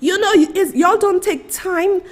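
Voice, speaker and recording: High-voiced, impassioned Saint Lucian woman. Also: unhurried. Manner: impassioned, exclaiming, laughing in disbelief. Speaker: host. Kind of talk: live-stream political commentary.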